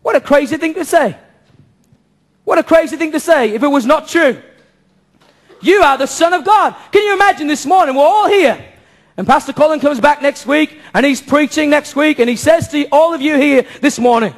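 A man preaching a sermon to a church congregation, impassioned, firing off rhetorical questions and breaking into shouts. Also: very high voice, moderate pace. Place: church service before a congregation.

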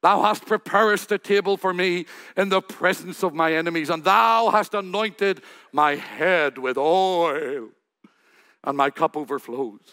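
A man playing a young actor who recites slowly and in a measured, theatrical way. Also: high-pitched, pushed and bright, exaggerated voice.

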